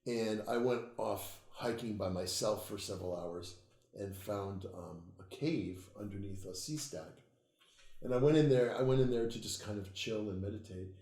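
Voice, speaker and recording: A man, an occult author, telling stories in a casual interview, swearing freely and getting animated. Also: lowish voice, moderate pace, roomy sound. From United States. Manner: profane, animated storytelling, laughs at own tales.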